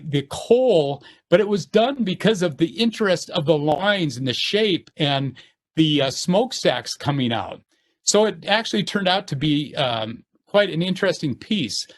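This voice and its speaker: Earnest halting man giving a lecture. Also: fairly high pitch. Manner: earnest, halting with fillers and restarts; reads course text aloud in lists. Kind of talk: university lecture.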